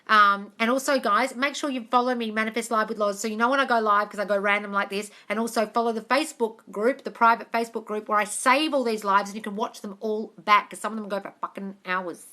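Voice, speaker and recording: A woman's voice: mid-range voice, fairly even intonation, fast, hardly any pauses, pushed and bright. An Australian woman answering questions on a live stream as a manifestation coach, chatty and casually swearing, calling her listeners darling.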